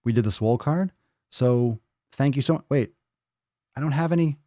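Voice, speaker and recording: A man hosting a casual livestream podcast from his home podcast room, loud, joking and profane, cooing at his cat between bits. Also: medium pitch, moderate pace, pauses often. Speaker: podcast host.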